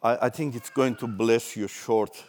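Slow, emphatic male preacher. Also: mid-range voice, fairly even intonation, slight background noise. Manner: emphatic, swinging from loud declarations to soft asides. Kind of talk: sermon.

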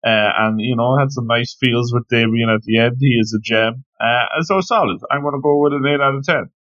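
A man's voice: mid-range voice, a little fast, highs cut off. A man co-hosting a podcast, chatting casually and reacting to his partner. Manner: relaxed, reacts with short interjections. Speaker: podcast co-host. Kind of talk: casual chat.

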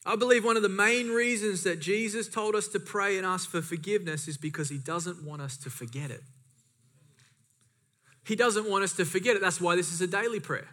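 Man, pastor, sermon, emphatic repetition, high pitch. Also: a little fast, bright, forceful tone. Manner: preaching with emphatic repetition and asides.

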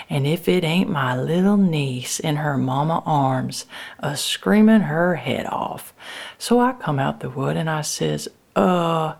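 A woman telling a first-person story in folksy rural dialect, with halting restarts. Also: low-pitched, vocal fry, darkish tone.

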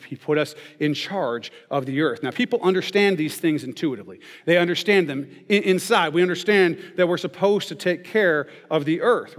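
A man giving a sermon in a conversational way, often checking in with "okay?" and "right?". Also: fairly high pitch. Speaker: pastor. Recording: long reverb of a large hall.

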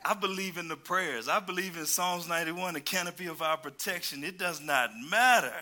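Male preacher, slightly high voice, lively storyteller who slips into characters' lines. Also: normal speed. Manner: animated, playful storytelling with laughs. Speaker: pastor. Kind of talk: sermon with storytelling.

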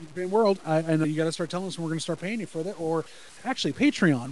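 A man chatting on a podcast with friends, talking fast and tumbling from one thought to the next. His voice sits a little high for a man, and he gets eager and a bit crude now and then, like a fan hanging out on a call. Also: rough recording. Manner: rapid, enthusiastic rambling with profanity. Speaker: podcast co-host. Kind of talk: casual live-reaction chat.

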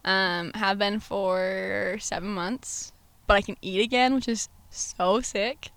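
A young woman talks as a podcast guest. She tells her story in an animated, slangy way and laughs often. Her voice sits at an ordinary pitch and is recorded dry and close. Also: slow pace, creaky, no room sound. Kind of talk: casual chat.

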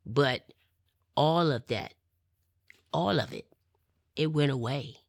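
A woman's voice: very deep voice, slow pace, creaky, husky, dry recording. A woman, telling her personal testimony in an interview and acting out the people in her story.

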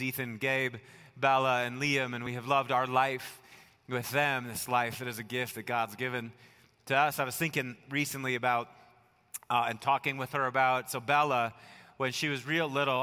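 A middle-aged American man preaching a sermon, telling family stories in a relaxed way and dropping to a soft hush to stress a point. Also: mid-range voice, smooth, long reverb tail. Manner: conversational storytelling, dropping to soft near-whispers for emphasis. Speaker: pastor. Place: church sanctuary.

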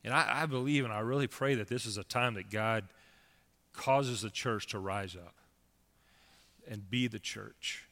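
A man preaching a sermon as a pastor, conversational and animated, with offhand asides to his congregation. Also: fairly low pitch, measured pace, pauses often. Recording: long hall reverb.

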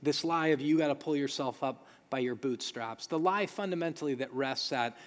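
A man's voice: mid-range voice, moderate pace. Earnest preacher man, reverberant hall. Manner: earnest, emphatic repetition. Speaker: pastor. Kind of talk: sermon.

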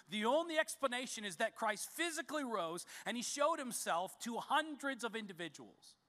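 A man preaching in a church sanctuary, pressing his points with emphatic repetition. His voice sits high and rings bright, and it carries a long reverb from the big hall around him. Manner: emphatic, repeats key words for stress. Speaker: pastor. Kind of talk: sermon.

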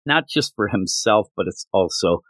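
A man hosting a podcast, retelling and discussing a manga chapter in a casual, animated way. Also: lowish voice, no echo. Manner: animated retelling, quick to act out characters. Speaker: podcast host.

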